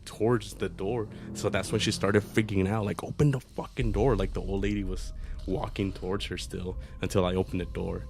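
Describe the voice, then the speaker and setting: Low-voiced man telling a ghost story. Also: little pitch movement, normal speed, gravelly, darkish tone, slight background noise. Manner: swears a lot, repeats himself. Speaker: podcast co-host.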